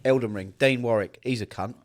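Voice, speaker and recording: An English man with a medium-pitched, fairly quick voice co-hosts a podcast, trading casual, sweary banter full of teasing and mock outrage. There's slight background noise.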